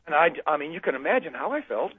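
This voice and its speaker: This American guest's voice is on the high side and slightly rough, and he's very animated and quick as he tells a host a long story on a phone line. Heard in a dry recording, he fills his conversational storytelling with fillers and restarts.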